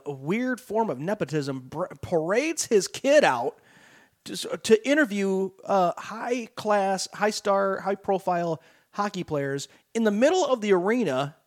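A man co-hosting a sports talk radio show, ranting animatedly in casual chat with frequent restarts. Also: high voice. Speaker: radio co-host.

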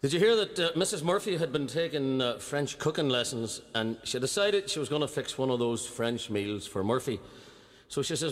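A man spins a comic tale with lively delivery, breaking into chuckles and putting on voices for the people in his story. His voice carries a long reverb, as if recorded in a large hall. He sits at an ordinary mid pitch for a man. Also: moderate pace. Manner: animated storyteller, voicing characters with laughs. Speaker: joke teller. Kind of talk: telling a joke.

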